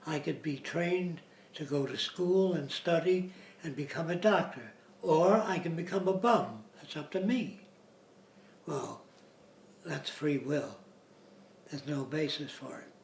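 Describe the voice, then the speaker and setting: A man's voice: on the high side, a little slow. A man giving an informal lecture, explaining his point step by step and now and then mimicking how others talk. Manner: explanatory, slips into mimicking accents. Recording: roomy, distant mic, faint hiss.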